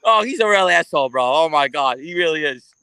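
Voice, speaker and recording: A man talking as a guest in a casual, profane interview, telling stories in an animated way. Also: fairly high pitch, brisk, smooth, dry recording. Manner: animated, swearing, storytelling.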